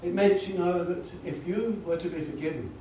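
A man's voice: sits high, normal speed, warm tone. A man preaching a gospel sermon, earnest and pleading, often saying "you know". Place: church or gospel hall. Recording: echoey hall, voice from far off, faint noise.

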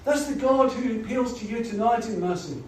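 Earnest high-voiced preacher in an echoey hall. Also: male voice, a little fast. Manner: earnest, pleading, repeats "you know" often. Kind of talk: gospel sermon. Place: church or gospel hall. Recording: echoey hall, voice from far off, faint noise.

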